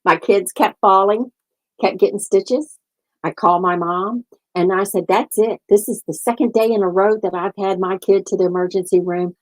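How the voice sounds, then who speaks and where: A woman's voice: mid-range voice, steady tone, normal speed, low-quality recording. Chatty storytelling woman, older. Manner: chatty storytelling, laughs often, acts out family members' lines. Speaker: host. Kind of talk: casual chat.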